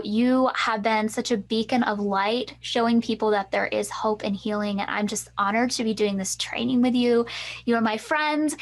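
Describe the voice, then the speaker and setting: A woman with a fairly high voice co-hosts an empowerment masterclass. She tells her own story earnestly and with lively energy, speaking straight to her listeners. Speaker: empowerment coach, co-host.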